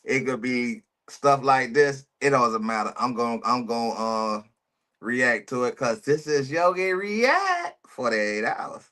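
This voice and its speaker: A man's voice: medium pitch, animated, measured pace, sharp tone. Slangy man preaching over a reaction video. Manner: preachy, emphatic, repeats phrases, slangy. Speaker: reaction streamer. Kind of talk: casual reaction commentary.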